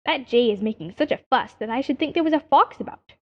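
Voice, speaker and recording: A woman's voice: high-pitched, expressive, fairly quick. A woman voicing a young farm boy in a children's storybook reading. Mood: plain. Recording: dull lo-fi audiobook recording.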